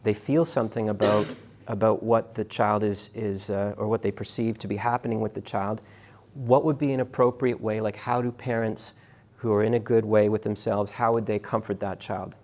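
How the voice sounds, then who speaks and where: A middle-aged man lecturing a class, talking in a halting, conversational way with many restarts and fillers and putting questions to his students. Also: lowish voice, little pitch movement, darkish tone. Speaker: university lecturer.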